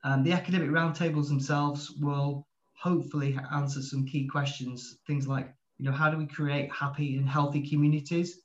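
Businesslike male guest, fairly high pitch, roomy lo-fi call audio. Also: flat delivery, normal speed. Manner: fluent, businesslike, occasional "um". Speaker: university partnerships director. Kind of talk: panel guest introduction. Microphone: video call. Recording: echoey, dull lo-fi call audio.

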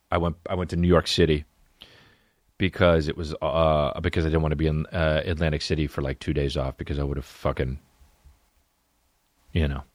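A man's voice: extremely low pitch, no room sound, studio quality. A young man hosting a solo comedy podcast, telling rambling stories full of swearing. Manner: profane, rambling storytelling. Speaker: podcast host.

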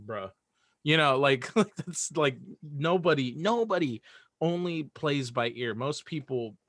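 A man's voice: fairly high pitch, measured pace, fairly bright tone, no room sound, studio quality. A man guest on a podcast talking in casual chat, hesitant with lots of restarts. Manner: hesitant, many restarts and fillers. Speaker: guest, audio drama writer.

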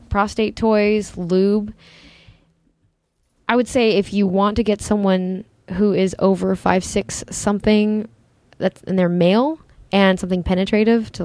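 A woman's voice: mid-range voice, darkish tone, dry recording. A woman co-hosting a casual podcast, chatty and informative, giving practical product advice. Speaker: podcast co-host, sex-toy educator. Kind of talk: casual chat.

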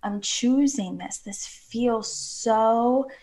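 A women's coach appears as a podcast guest, talking earnestly and at length in a casual chat with plenty of fillers. Her voice is fairly high and a little mellow, and she draws out her words.

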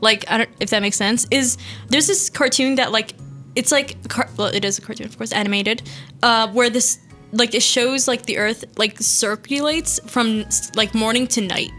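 A teenage girl hosts a casual radio chat in a high, bright voice. She rambles through stories with plenty of fillers and bursts of giggling. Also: normal speed, soft background music. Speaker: host. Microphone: school radio show mic.

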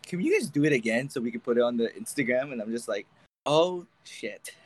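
Young male podcast co-host, animated storyteller, mid-pitched voice, casual chat. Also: fast talker, poor audio.

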